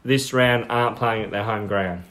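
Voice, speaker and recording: Aussie bloke co-hosting, gets all excited, laughs a lot. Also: male voice, fairly low pitch, moderate pace. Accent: Australian. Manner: enthusiastic, excitable, laughs along. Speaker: podcast co-host. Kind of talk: casual chat.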